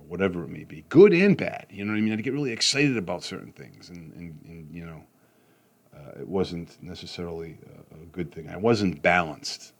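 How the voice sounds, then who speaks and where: A middle-aged man giving a casual motivational talk, rambling through stories with frequent asides and slowing down to stress his points. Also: sits low. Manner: rambling, with frequent "you know what I mean" asides.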